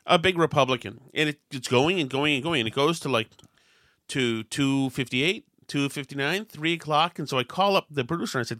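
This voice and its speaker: A man with a somewhat high, bright and sharp voice who hosts a podcast and spins a self-deprecating anecdote with verve. He acts out every line of dialogue. The sound is dry and close to the mic, with no room in the background. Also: fairly quick, no echo. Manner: self-deprecating, animated storytelling with acted quotes. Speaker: podcast host. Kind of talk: casual storytelling chat.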